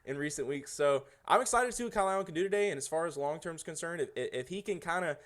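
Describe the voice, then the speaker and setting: Male podcast guest, quick and slightly high, stumbles into restarts. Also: a bit bright. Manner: restarts sentences with repeated words. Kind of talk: casual sports podcast chat.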